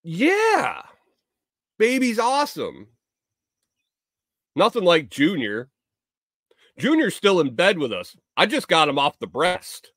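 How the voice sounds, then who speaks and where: A man voicing a chatty young mother who gushes about her new baby in a raised, drawn-out voice. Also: deep voice, expressive, fairly bright tone, dry recording, studio quality, voice pushed up. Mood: gushing.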